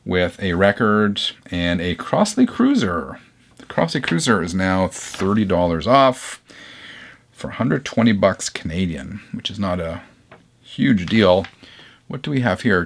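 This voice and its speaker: Male vlog host, low voice, chatty and animated, casual show-and-tell delivery. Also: slight background noise. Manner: chatty, animated, reacts with surprise. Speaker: vinyl channel host. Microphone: camera mic, leans toward camera.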